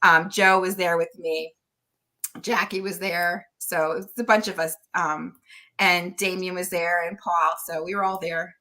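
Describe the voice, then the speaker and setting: A middle-aged woman, a guest on an interview show, chatting loudly and laughing often as she tells stories. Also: on the low side, fairly even intonation, unhurried. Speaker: guest, tarot reader and medium. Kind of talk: casual interview chat.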